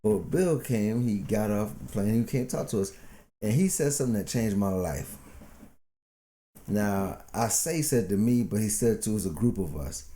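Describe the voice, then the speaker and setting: Laid-back, mellow-voiced man in his fifties. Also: fairly low pitch, lively intonation. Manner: laid-back, chuckling, drawn-out storyteller. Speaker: podcast co-host and father. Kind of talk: casual storytelling chat.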